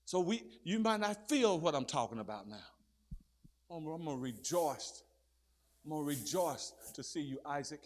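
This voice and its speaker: Fiery preacher man with a higher voice. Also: animated, normal speed. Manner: swings from low murmurs to loud shouted peaks; calls out to the crowd with repeated questions. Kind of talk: fiery sermon.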